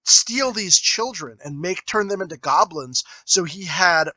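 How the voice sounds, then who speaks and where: A man's voice: high-pitched, expressive, a little slow, pushed and bright, no echo, low-quality recording. A man co-hosting a casual movie review podcast, laying out theories about the story. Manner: explains plot theories, thoughtful, occasional crude jokes. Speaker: podcast co-host.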